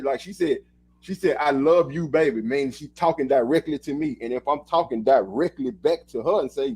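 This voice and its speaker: Guy cohosting a podcast, kinda high husky voice, loose and emphatic, cusses a bit. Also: fairly quick, a little mellow. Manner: loose and emphatic, swears casually. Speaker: podcast co-host. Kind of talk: casual chat.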